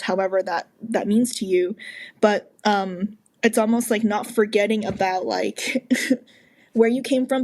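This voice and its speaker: A woman guest on a casual podcast, talking loosely and stopping to restart her thoughts. She fills her sentences with likes and ums. Her voice sits at a medium pitch. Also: darkish tone. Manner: chatty, many fillers and restarts. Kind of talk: casual chat.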